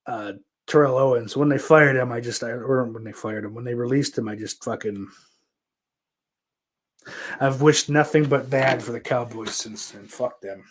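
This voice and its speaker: New guy on a podcast, rambling and cursing a lot, tons of likes and you knows, middle pitch. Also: unhurried, long pauses. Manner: rambling, swears often, many fillers and restarts. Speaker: podcast host. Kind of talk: casual chat answering viewer questions.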